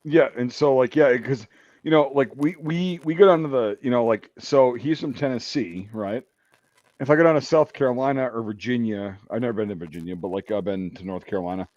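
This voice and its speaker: A man's voice: medium pitch, brisk, darkish tone, no echo, dull audio. An American man hosting a casual chat, rambling with lots of fillers and some swearing. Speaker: podcast host.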